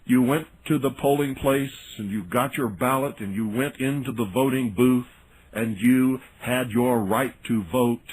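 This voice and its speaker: A man's voice: medium pitch, a little slow, a little mellow, husky, poor audio. A man hosting a radio talk show, delivering an indignant, sarcastic monologue. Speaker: radio host.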